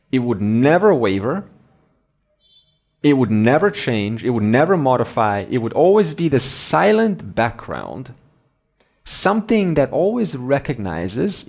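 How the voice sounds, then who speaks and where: A man teaching a spiritual talk in a conversational way, slowing down to repeat key words and acting out inner dialogue in a quiet voice. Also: medium pitch, creaky. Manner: repeats words slowly for emphasis.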